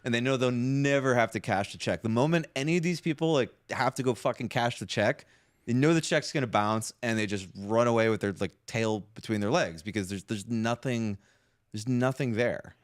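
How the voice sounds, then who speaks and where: A man's voice: mid-range voice, fairly quick, dry recording, studio quality. A man co-hosting a podcast, ranting in casual chat, swearing often and filling his talk with "like" and "right?". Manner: profane, ranting, lots of "like" and "right?". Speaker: podcast co-host.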